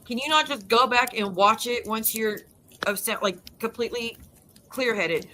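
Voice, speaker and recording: A woman's voice: on the high side, pushed and bright. A woman YouTube creator ranting heatedly to her viewers, swearing and cutting herself off mid-sentence. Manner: heated, profane, rapid restarts and self-interruptions.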